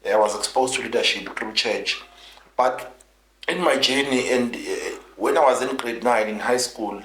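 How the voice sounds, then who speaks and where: A South African politician, a man with a mid-range, fairly bright voice at normal speed, recounts his life in an interview. His telling is earnest and rambling, full of restarts, and the recording has roomy echo plus a little hiss or hum.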